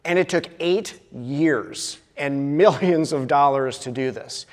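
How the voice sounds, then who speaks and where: Guy giving a conference talk, kinda high voice, lots of ums and restarts, echoey hall. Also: slow pace. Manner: filler-heavy, with many uhs and restarts. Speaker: conference presenter. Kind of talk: conference presentation.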